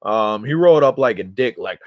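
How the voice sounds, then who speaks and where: A man's voice: lowish voice, expressive, normal speed, dry recording, muffled recording. Slangy, rambling man, dry close sound. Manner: slangy, rambling, talks to viewers directly. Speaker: cannabis vlogger. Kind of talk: casual storytelling to camera.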